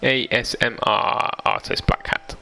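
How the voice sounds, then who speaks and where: A man's voice: medium pitch, unhurried, vocal fry, pushed and bright, slight background noise, rough recording. A young man streaming a game live, chatting casually, reading viewer comments aloud and laughing easily. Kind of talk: casual live-stream chat over gameplay. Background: game music.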